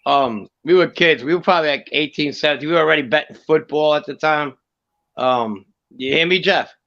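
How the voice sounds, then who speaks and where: A man's voice: a little high, a little fast, a bit bright. A man telling profane stories in a casual online chat, stumbling over restarts. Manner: profane storyteller with many restarts. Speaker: guest. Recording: dull lo-fi audio.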